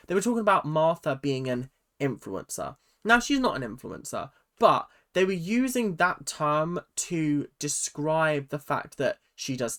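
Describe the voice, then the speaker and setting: A man recapping a reality show in a casual, sarcastic rant, swearing freely and acting out quotes in a higher voice. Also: fairly bright tone. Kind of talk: casual ranting commentary.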